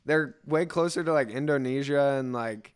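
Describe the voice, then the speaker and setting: A young man in casual podcast chat with a smooth, resonant voice. He rambles in a laid-back, slangy way, piling on filler words as he tells his stories. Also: mid-range voice, moderate pace. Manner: laid-back slangy storyteller, lots of "like" and "dude". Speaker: podcast guest.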